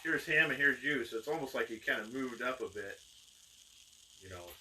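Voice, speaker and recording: A man's voice: medium pitch, expressive, moderate pace, bright, forceful tone. A man narrating as game master, rambling with many fillers and breaking into acted outbursts. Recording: distant mic with faint noise.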